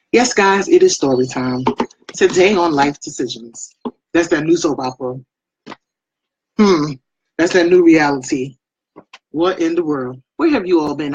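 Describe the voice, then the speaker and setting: A talkative woman hosts a casual makeup live stream, rambling from one topic to the next and calling out viewers by name. Her voice has a husky grain. The sound is close and dry, with no room around it. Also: low voice, no echo, low-quality recording. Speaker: makeup vlogger and beauty product presenter.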